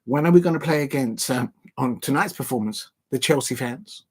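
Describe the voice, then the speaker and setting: A young man talks through a football watch-along in a loose, animated way, laughing and circling back to his catchphrases. His voice is husky and sits at an ordinary pitch for a man. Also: moderate pace. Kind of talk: casual livestream chat.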